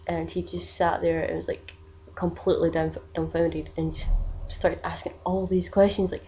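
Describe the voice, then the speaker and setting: A woman's voice: lowish voice, little pitch movement, normal speed, mellow, a little hiss or hum. A young woman, telling a personal story in a casual vlog, rambling with many fillers. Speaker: vlogger.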